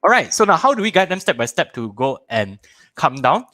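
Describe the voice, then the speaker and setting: Man, Malaysian English accent, parenting teacher, lively pitch, dry close sound. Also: fairly quick, dry recording. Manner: animated, acts out little scenes in shifting voices; repeats words and phrases for emphasis. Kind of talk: live online parenting workshop.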